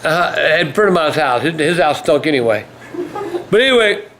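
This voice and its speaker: An older man telling stories in a foul-mouthed, blustering way that often breaks into shouting. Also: on the high side, lively intonation, normal speed, slight background noise. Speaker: storytelling vlogger. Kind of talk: profane storytelling.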